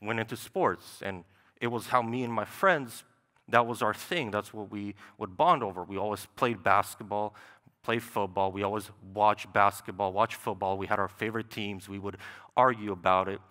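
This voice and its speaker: A young man delivers a sermon in a church sanctuary, keeping it conversational and checking in with "right?" as he goes. His voice sits fairly low but comes across bright and forceful. Long reverb from the hall trails after every phrase. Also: moderate pace. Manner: conversational, with frequent "right?" asides. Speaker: preacher.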